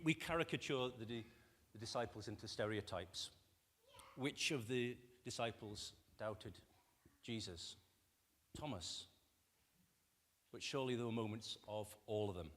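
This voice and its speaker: A man preaching a sermon, talking conversationally and putting rhetorical questions to his congregation. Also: lowish voice. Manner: acts out quoted voices with lively shifts. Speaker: pastor. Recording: long reverb of a church hall.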